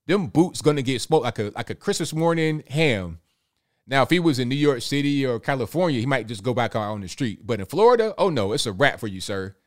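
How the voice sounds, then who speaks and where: A man's voice: mid-range voice, lively intonation, brisk. A man hosting a live stream in a loose, chatty way, reading viewer messages, often repeating words and chuckling. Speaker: livestream host reading viewer super chats. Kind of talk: casual live-stream chat.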